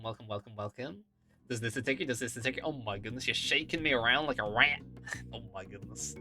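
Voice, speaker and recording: A streamer with a bright, forceful voice, bubbly and full of silly exclamations while greeting chat. The pitch stays in the middle range. Faint music plays in the background.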